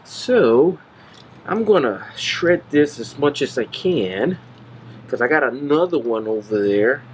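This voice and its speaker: A man's voice: mid-range voice, very animated, slow pace, a little hiss or hum. Easygoing man hosting a barbecue vlog. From Central Florida. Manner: easygoing, enthusiastic, exclaims often. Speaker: barbecue channel host. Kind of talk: casual cooking vlog.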